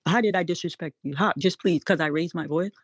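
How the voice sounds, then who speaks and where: A woman calling in to an online show, talking very fast in a defensive, emotional way. She repeats herself and the sound is dry and close. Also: on the low side, no echo. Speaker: caller. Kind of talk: heated call-in argument.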